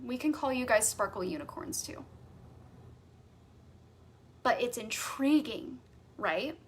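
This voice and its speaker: A woman's voice: high-pitched, bright, forceful tone. A woman business coach teaching a live online masterclass, bubbly and enthusiastic, stopping to read out viewers' comments.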